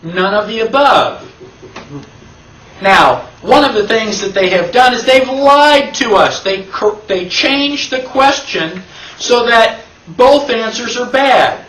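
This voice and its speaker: Man, classroom lecturer, high-pitched voice, emphatic, rhetorical questions, echoey room, distant mic. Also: animated, slow, a bit bright. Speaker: constitution class instructor. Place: classroom with an audience.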